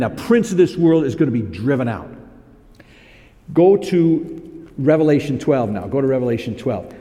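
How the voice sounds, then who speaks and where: A man preaching a sermon, growing loud and high-pitched when he reads scripture aloud. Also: lively intonation, moderate pace, long pauses, big-room sound.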